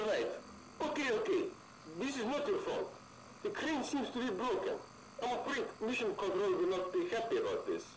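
A curt facility supervisor. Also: male voice, high voice, very animated, roomy sound, crowd noise, poor audio. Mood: dismissive. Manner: brisk, calls the player comrade. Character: curt male science-facility supervisor, unbothered. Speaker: supervisor in a horror game.

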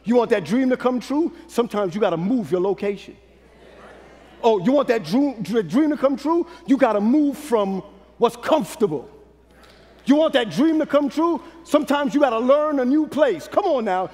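A man preaches a sermon in a strikingly high register. He works the crowd in call-and-response, sinking to quiet confiding lines before climbing back to shouts. His voice rings with the long reverb of a big hall. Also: lively intonation, normal speed. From Brooklyn, New York. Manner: preachy call-and-response, swinging from low hush to shouted peaks. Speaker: pastor.

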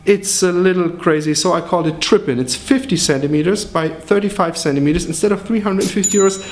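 A man pitching his own paintings in a joking, exaggerated, profane way, in an echoey room. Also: quick pace.

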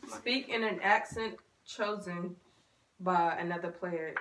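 A woman's voice: lowish voice, slow, far from the mic. A woman reading out dares and teasing the others during truth or dare. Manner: reads dares aloud, teasing. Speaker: reads out the dares. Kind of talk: casual banter with family. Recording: noisy phone audio, away from the mic.

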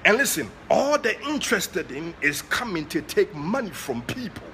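A man with a Ghanaian accent preaching during an online prayer session, moving between soft asides and loud, passionate exclamations. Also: high-pitched, sing-song, moderate pace, slight background noise. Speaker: prophet leading online prayer. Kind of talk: sermon.

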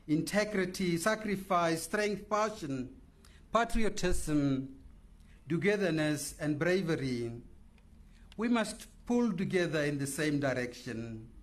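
A man delivering a formal eulogy speech in a measured, oratorical manner. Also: high voice. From Namibia. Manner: measured, oratorical, lists words with pauses. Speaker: memorial speaker.

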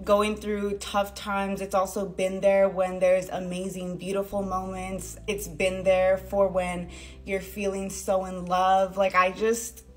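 Woman vlogger, mid-pitched voice, emotional and gushing, addresses viewers. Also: monotone, takes it slowly, soft background music, low-quality recording. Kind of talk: casual unboxing vlog.

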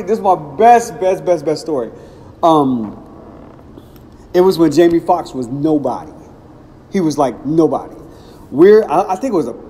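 Man telling stories in a reverberant room. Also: a little high. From Cincinnati, Ohio. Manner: animated, acts out quotes. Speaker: podcast host. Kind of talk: casual storytelling. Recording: long reverb, faint background noise.

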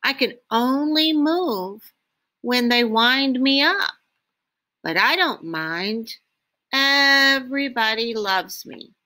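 Woman voicing a soft-spoken wind-up toy mouse. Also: sits high, slow, full character voice. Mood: content. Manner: soft and hushed. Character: gentle wind-up toy mouse, content and mysterious.

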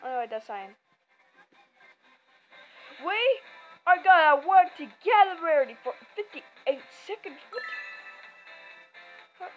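Over faint game music in a muffled lo-fi recording, a female gamer rambles casually, tripping over words and saying um a lot. Her voice is high-pitched and expressive, a little slow, and she pauses often.

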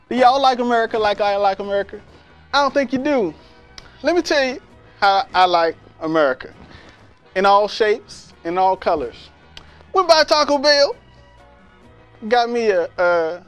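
A scheming, self-satisfied male presidential candidate, as a comedian plays him delivers over-the-top campaign boasts. His voice sits a touch higher than most men's. Faint music plays underneath. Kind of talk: stand-up comedy sketch.

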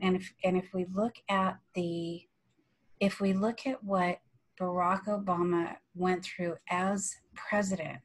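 A woman's voice: fairly low pitch, poor audio. A woman on a panel discussion, talking candidly and animatedly, telling a story over a video call.

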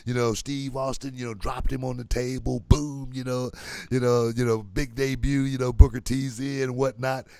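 A man's voice: mid-range voice, normal speed, no echo, clean studio sound. A middle-aged man telling a story in casual chat, with lots of "you know" fillers. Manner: animated, repeats "you know" a lot. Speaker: podcast guest.

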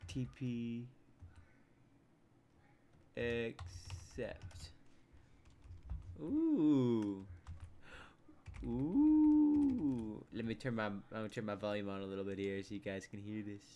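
A young man giving casual commentary over a game he plays, mumbling to himself one moment and shouting the next. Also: lowish voice, a little slow, pauses often, smooth, muffled recording. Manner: excitable, jumps from mumbling to loud outbursts. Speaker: gameplay commentator. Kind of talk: casual let's play commentary.

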